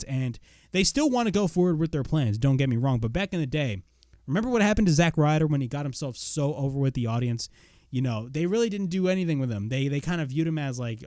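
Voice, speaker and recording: A young man giving a casual spoken wrestling review, blunt and excitable, swearing freely. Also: mid-range voice, no room sound, studio quality.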